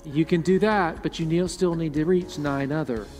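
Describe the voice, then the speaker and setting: A man's voice: on the high side, moderate pace, darkish tone, long reverb tail, faint music behind. A male pastor delivering a sermon emphatically, often repeating words as he preaches. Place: church sanctuary.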